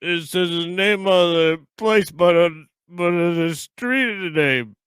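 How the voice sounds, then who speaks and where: A man's voice: sits high, slow, clean tone, no room sound, clean studio sound. A man co-hosting a stream, chatting casually and crudely while reacting to a video. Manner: crude, excitable, laughing riffs. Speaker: stream co-host.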